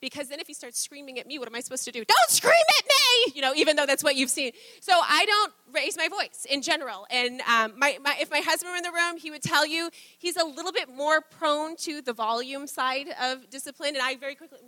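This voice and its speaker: Bright-voiced woman pastor, chatty sermon. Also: high-pitched, fast, hardly any pauses, dry recording. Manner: chatty, laughs often, acts out quotes. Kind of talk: conversational sermon.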